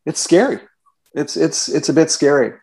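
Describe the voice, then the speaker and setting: A middle-aged man, a writer-producer hosting an interview, talking in a relaxed way and laughing between thoughts. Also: on the high side, moderate pace, gravelly. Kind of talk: conversational interview.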